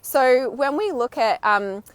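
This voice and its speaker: Woman with a slightly high voice, intuitive-healer type, teaching to camera in a loose, animated way with casual swearing. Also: slow pace, no room sound. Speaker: intuitive healer and spiritual mentor. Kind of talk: spiritual teaching talk to camera. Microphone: filming herself on camera.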